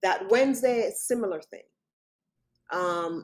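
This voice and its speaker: A woman's voice: fairly low pitch, expressive, a little slow, a little mellow. A woman guest on an interview show, recounting a personal story in vivid detail and often quoting what others said. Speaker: author guest.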